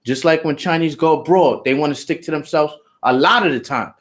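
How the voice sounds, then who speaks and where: A man's voice: fairly high pitch, fairly quick. A man being interviewed, telling a story in loose, slangy, profane casual talk with lots of "you know". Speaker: interview guest.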